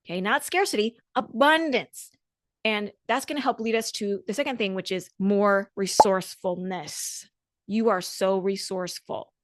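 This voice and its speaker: A woman's voice: mid-range voice, moderate pace, no echo, clean studio sound. A woman dance coach hosting a solo podcast, talking in an earnest, motivational way with emphatic repetition.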